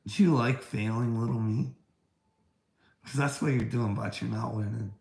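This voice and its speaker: A man's voice: mid-range voice, fairly even intonation, moderate pace, creaky, darkish tone, echoey room. A man in a rambling livestream rant, taunting and preachy, swearing often and laughing between lines. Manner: taunting, calls listener "bud", frequent laughter; profane, preachy.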